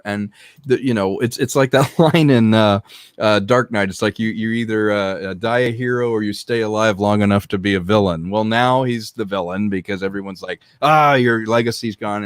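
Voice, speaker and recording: A man's voice: on the low side, no room sound, studio quality. A man who is a filmmaker, a guest on a casual podcast, speaking reflectively and handing out advice.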